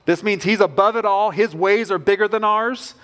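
A man's voice: sits high, moderate pace, fairly bright tone. A man preaching a sermon as pastor, earnest and emphatic, with rising bursts of conviction.

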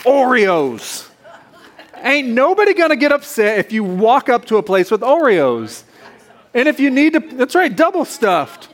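A man's voice: extremely high pitch, sing-song, moderate pace. A man in his thirties preaching a sermon, casual and playful, with joking asides to the congregation. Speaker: pastor.

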